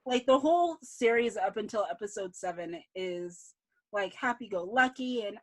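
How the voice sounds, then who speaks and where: A woman's voice: fairly high pitch, animated, moderate pace. Chatty woman writer on a podcast. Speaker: series writer. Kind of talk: casual podcast chat.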